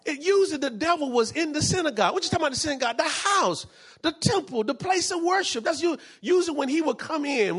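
A man's voice: extremely high pitch, expressive, fast talker, fairly bright tone. A man preaching a sermon as pastor, fervent and repetitive, dropping in frequent amens.

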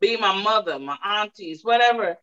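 A bright, sharp-voiced speaker gives blunt, opinionated takes in a casual debate. Sentences often trail off into mutters. The sound is dull and lo-fi. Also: medium pitch, animated, normal speed, clean tone.

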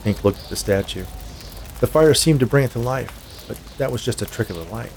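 A man reading a dark tale aloud in a measured, scripted storytelling manner. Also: mid-range voice, expressive, creaky, a little hiss or hum. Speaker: narrator. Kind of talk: scripted audiobook narration.

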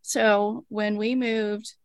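A woman's voice: mid-range voice, flat delivery, very slow, smooth, no room sound. A woman from Tennessee with a Southern accent, chatting casually as a podcast guest and acting out what other people said. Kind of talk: casual chat.

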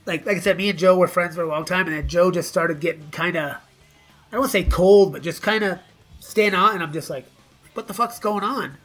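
Middle-aged man, higher voice, sharp and bright, casual profane storytelling, chuckles often. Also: fairly quick, faint music behind. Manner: profane, laughs between lines. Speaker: podcast guest.

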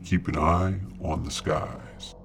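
A man voicing an eerie, mysterious male phone caller who speaks in flat, cryptic, repeated phrases. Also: extremely low pitch, slow, soft background music, voice pushed down, heavily acted.

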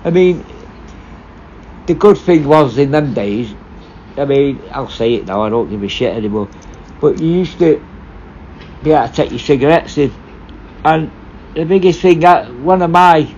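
A man's voice: fairly high pitch, animated, moderate pace, pauses often, darkish tone, lo-fi sound, a little hiss or hum. Blunt swearing man telling stories. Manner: blunt, swears a lot, rambling with restarts. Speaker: former prison officer. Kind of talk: casual storytelling.

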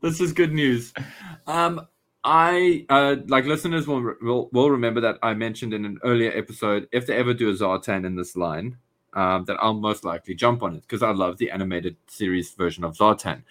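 A man's voice: on the low side, normal speed, a bit bright. A man co-hosting a casual podcast chat, talking with enthusiasm and rambling through restarts. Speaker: podcast co-host.

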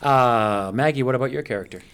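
A man's voice: mid-range voice, fairly quick, a bit bright, smooth. A middle-aged man hosting a radio show in a studio, chatting playfully with guests and using many fillers. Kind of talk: casual radio interview.

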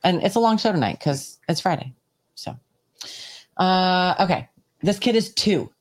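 A woman's voice: lowish voice, expressive, a little slow. A woman hosting a podcast, chatting casually while cueing up clips. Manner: chatty, playing clips for co-host. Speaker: podcast host. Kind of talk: casual chat.

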